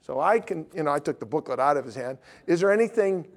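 Lively storytelling male evangelist. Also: fairly high pitch, fast talker. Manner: lively storytelling, acts out dialogue. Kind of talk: anecdotal preaching.

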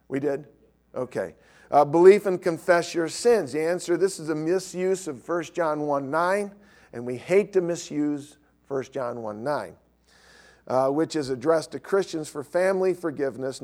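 Man teaching Bible doctrine, slightly high voice. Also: darkish tone. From California. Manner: conversational, repeats key points, restarts phrases. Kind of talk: sermon-style Bible teaching.

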